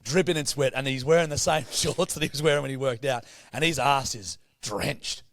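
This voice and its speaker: This podcast co-host speaks in a mid-range voice at a brisk clip, recorded dry and at studio quality. He's telling a casual, curse-filled story and animatedly impersonating the people involved.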